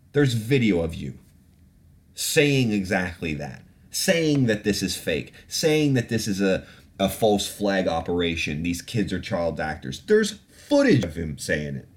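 Heated, profane male podcast host. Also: sits low. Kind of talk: casual podcast rant.

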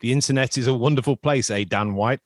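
A man hosting a chatty podcast, full of jokey, self-mocking banter. His voice sits at an ordinary middle pitch. The sound is dry and close, with no room around it. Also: quick pace, no echo. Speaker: podcast host. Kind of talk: casual podcast chat.

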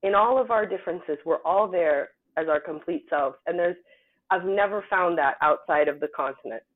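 A woman scientist from the United States talking casually in an interview, telling stories with animated emphasis. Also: on the low side, moderate pace. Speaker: guest scientist. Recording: tinny phone-like line.

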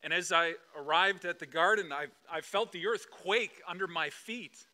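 A man's voice: high-pitched, moderate pace, few pauses. Man, storyteller, dramatic first-person monologue, emotional, intense delivery. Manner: emotional, intense, swings between hushed and loud.

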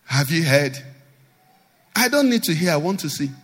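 Animated male pastor, bright and high-pitched, preaching with rhetorical questions. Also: moderate pace, breathy edge, big-room sound. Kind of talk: sermon.

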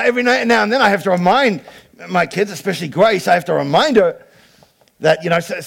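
A man preaching a sermon as pastor, moving from chatty storytelling to loud, emphatic preaching. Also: high voice, creaky.

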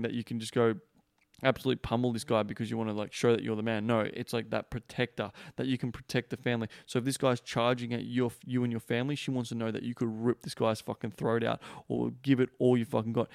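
A man with a gravelly yet smooth voice, recorded dry and close. He talks in a loose, rambling coaching style. He swears in nearly every sentence and leans on "like" as filler. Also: mid-range voice, a little mellow, no room sound. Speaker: podcast host. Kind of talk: blunt casual coaching talk.

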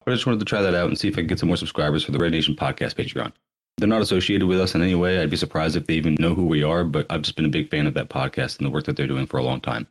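A podcast host, a man with a very deep voice. He talks quickly in a brisk, chatty way. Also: husky. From United States. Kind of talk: casual podcast talk.

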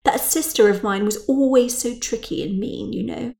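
A self-pitying, snobbish middle-aged mother from a spoken storybook, as a woman puts her on. She whines and grumbles in a plaintive voice that climbs high. Her complaints are delivered in a middle pitch that often peaks upward. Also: normal speed, darkish tone, lightly acted. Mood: complaining.

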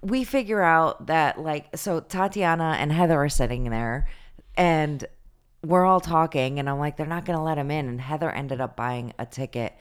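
A woman co-hosting a podcast, telling a story in an animated, casual way full of fillers. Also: deep voice, normal speed, smooth. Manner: chatty, animated retelling with lots of fillers. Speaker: podcast co-host.

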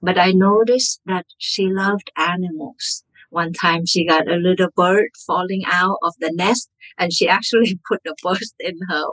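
Breathy, low-pitched woman; gentle meditation teacher, unhurried and soothing. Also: fairly even intonation, poor audio. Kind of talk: reflective teaching in an interview.

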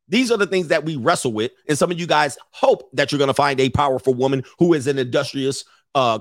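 A commentator host with a mid-range male voice, captured in a dry, studio-quality recording. He lectures his audience with blunt, opinionated commentary, repeating phrases to drive his points home.

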